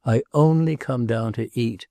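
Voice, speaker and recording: Old woman in a storybook, weary and flat-spoken, gravelly and dark, voiced by a male reader. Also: mid-range voice, unhurried, no room sound, natural voice. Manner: dry, tired, refusing. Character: elderly woman, weary and blunt.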